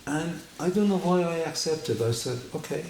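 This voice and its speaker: A man giving his personal testimony at a church, telling his story in an animated way and acting out the dialogue. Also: on the high side, normal speed, creaky, a little hiss or hum. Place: church hall. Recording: echoey room.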